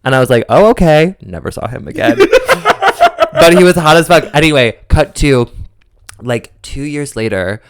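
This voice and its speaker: A young man co-hosting a podcast, telling a long story in a campy, animated way and often acting out quoted voices. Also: mid-range voice, normal speed, gravelly, dry recording, studio quality. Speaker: podcast co-host. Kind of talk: casual chat, storytelling.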